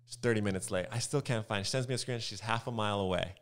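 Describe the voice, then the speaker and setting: A young American man, a photographer guest, chatting casually and telling animated stories in a podcast interview. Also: on the low side, very fast. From United States. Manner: animated storytelling, acts out quoted voices.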